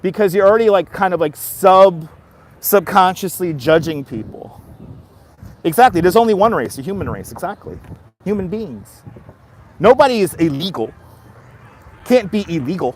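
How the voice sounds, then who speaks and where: Speaking at a normal pace with lively intonation, this man's voice sits high as he runs a casual live stream from a bustling seaside city. He's a Brooklyn native in his fifties with a Brooklyn accent who responds bluntly to viewer comments, and there's slight hiss or hum in the audio.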